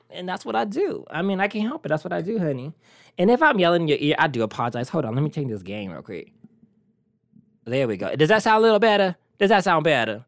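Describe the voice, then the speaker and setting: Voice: medium pitch, sing-song, quick pace, dry recording, studio quality. A talk show host in a casual solo chat, sassy, brash and teasing with the listeners. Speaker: podcast host.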